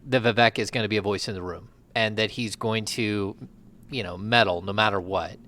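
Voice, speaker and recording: A man's voice: lowish voice, fairly even intonation, moderate pace, bright, forceful tone. A man, a sports reporter co-hosting a podcast, chatty and reasoning aloud. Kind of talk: casual sports chat.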